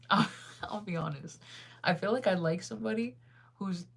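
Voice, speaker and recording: A woman's voice: medium pitch, a little slow, vocal fry, fairly bright tone, husky. A young woman chatting casually on a livestream, laughing often and reading viewer comments aloud.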